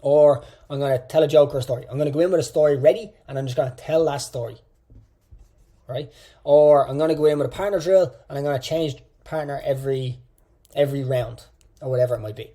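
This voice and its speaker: A man with a warm, medium-pitched voice is a fitness coach delivering an online coaching course lecture. His manner is casual and direct, and he repeats phrases for emphasis.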